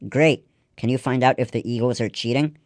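A man's voice: medium pitch, steady tone, quick pace, no room sound, clean studio sound, lightly acted. A man reading the lines of a spirited, stubborn young girl ballplayer in a storybook. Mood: eager.

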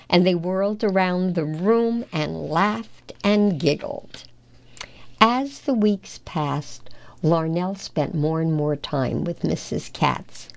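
Slow, gravelly-voiced woman reading aloud. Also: on the low side, animated. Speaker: storybook reader. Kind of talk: storybook read-aloud.

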